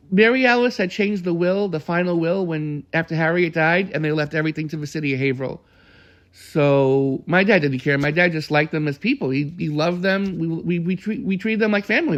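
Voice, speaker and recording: A man's voice: high voice, a bit bright, lo-fi sound. A man casually telling old memories, rambling with restarts and occasional chuckles. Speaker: storyteller. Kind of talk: casual reminiscing.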